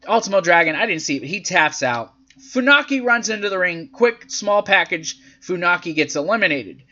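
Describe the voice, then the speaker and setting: A high, lively male voice with a bright edge, swearing freely while recapping wrestling matches in a casual, sarcastic tone. He acts out quotes in silly voices, and the recording sounds dull and lo-fi. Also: normal speed. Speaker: podcast host reviewing wrestling events.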